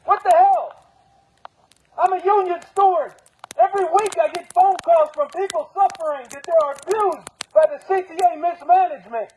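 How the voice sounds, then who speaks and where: A man's voice: very high voice, dark tone, low-quality recording. A man speaking as a union steward at an outdoor protest, angrily firing off rhetorical questions and curses. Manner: angry, profane, rapid rhetorical questions. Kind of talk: protest speech.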